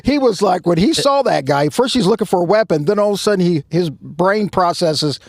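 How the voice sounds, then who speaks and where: A man with a gravelly, fry-edged voice tells a tale outdoors at a truck stop. He is animated and shouts the lines he quotes. His voice sits a little high for a man and sounds dry and close. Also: brisk, no echo. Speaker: podcast co-host telling a story. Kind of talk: casual storytelling.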